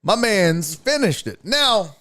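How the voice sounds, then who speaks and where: A man with a fairly high voice hosts a sports show and breaks down a clip. His talk is chatty and profane, with pitch that jumps all over. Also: big pitch swings, slow pace, pushed and bright. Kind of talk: casual video breakdown commentary.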